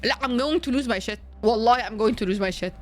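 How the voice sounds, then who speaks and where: A young woman streaming a game in a casual, expressive way, swearing often and mixing in Arabic phrases. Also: a little high, fast, soft background music.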